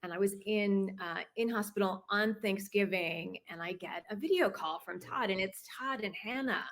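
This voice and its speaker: A woman from Chicago, a guest on a video-call interview, telling a personal story and pausing to gather her thoughts. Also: mid-range voice. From Chicago, United States.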